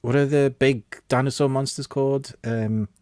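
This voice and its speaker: A man's voice: mid-range voice, steady tone, normal speed, a little mellow, clean tone, no room sound, studio quality. A man co-hosting a podcast, chatting enthusiastically and reading out viewer comments. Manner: chatty and enthusiastic, with frequent laughs. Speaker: podcast co-host.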